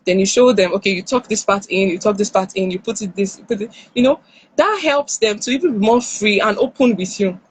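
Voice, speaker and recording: A woman's voice: medium pitch, a little fast, husky, no echo, rough recording. A woman with a Nigerian accent giving parenting advice on a live stream, acting out what parents and children say. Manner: animated, acts out parent and child lines. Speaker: parenting speaker. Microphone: phone or headset on a live stream.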